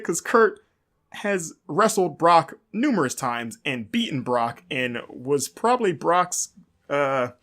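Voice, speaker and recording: Brief: male podcast host, slightly high voice, loose chatty recap, lots of "like" and "um". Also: a bit bright. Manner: rambling, leans heavily on "like" and fillers. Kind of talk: casual wrestling recap.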